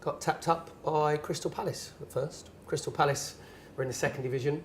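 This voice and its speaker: A man's voice: a little high, fairly even intonation, a little fast, slight background noise. A man in his forties, a former footballer as guest, telling stories in an earnest, emphatic way with many restarts. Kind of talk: storytelling in a conversation.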